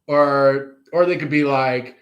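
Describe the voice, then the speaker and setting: A man's voice: mid-range voice, slow pace, lo-fi sound. A man giving a casual tarot reading, rambling with many fillers and restarts. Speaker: tarot reader.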